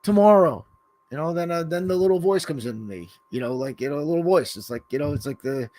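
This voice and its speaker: A man's voice: fairly high pitch, lively intonation, quick pace, darkish tone. A man co-hosting a podcast in loose, rambling casual chat, swearing freely and filling gaps with "you know.". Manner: rambling and profane, full of "you know" fillers. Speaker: podcast co-host.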